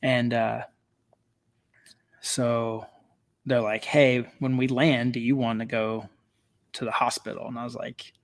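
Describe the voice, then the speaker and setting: A middle-aged man, a podcast guest, telling a story in a casual, animated way, laughing often and filling with "like" and "you know". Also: mid-range voice, unhurried, pauses often.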